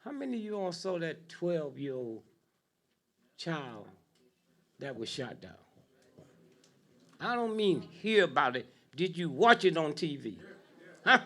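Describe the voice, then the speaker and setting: An older man speaks to a live audience in a slow, deliberate preaching style, his voice fairly high and bright. He drops into low mutters, then breaks into loud outbursts, and keeps checking in with "huh?" and "hmm?". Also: very animated.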